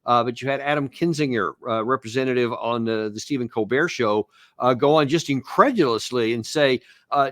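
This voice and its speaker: A man's voice: mid-range voice, fairly quick, a bit bright, no room sound, studio quality. A man hosting an online political talk show who rambles and hesitates, with lots of fillers, and gets worked up. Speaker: host.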